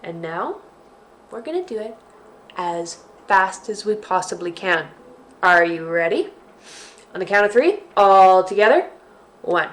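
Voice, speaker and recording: A woman hosting a library storytime for children, reading a picture book aloud in an expressive, sing-song way. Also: medium pitch, measured pace, long pauses.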